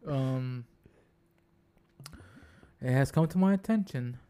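A man's voice: medium pitch, slow pace, dark tone. A man hosting a casual podcast chat, joking around and often searching for his words. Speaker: podcast host.

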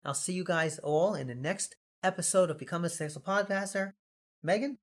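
A man's voice: high voice, brisk. A male podcast host with a New York accent chats casually with his co-host. He is joking and teasing, and he laughs easily. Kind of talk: casual chat.

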